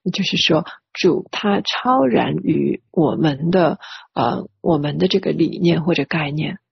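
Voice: medium pitch, unhurried, gravelly, breathy edge, dry recording. An interpreter rendering a sermon phrase by phrase, hesitant with many filler sounds, on a dry, dull lo-fi recording.

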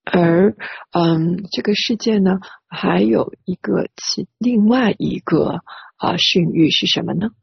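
Gravelly breathy sermon interpreter. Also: mid-range voice, a little slow, no echo. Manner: hesitant, many filler sounds. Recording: dry, dull lo-fi recording.

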